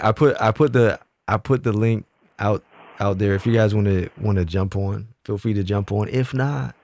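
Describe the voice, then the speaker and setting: A man's voice: fairly low pitch, darkish tone, slight background noise. A young man hosting a casual livestream chat, blunt and profane, often trailing off and restarting his sentences. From Brooklyn, New York. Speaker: livestream host.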